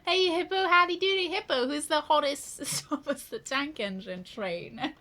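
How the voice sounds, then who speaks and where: A woman's voice: high voice, measured pace, pushed and bright. A woman streaming a video game, joking, giggling and thinking aloud as she plays. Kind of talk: casual gameplay commentary.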